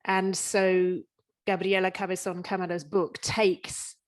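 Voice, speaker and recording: A woman academic and translator explaining a literary background in an interview, in a measured way with fillers. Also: on the low side, flat delivery. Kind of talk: conversational interview answer.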